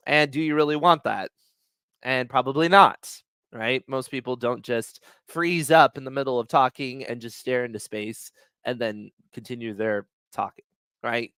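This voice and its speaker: A man's voice: medium pitch, a bit bright, clear, resonant tone, dry recording. A man explaining dialogue writing in a loose, conversational way, with many fillers and restarts, and he chuckles often. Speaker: writing instructor. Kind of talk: casual teaching talk.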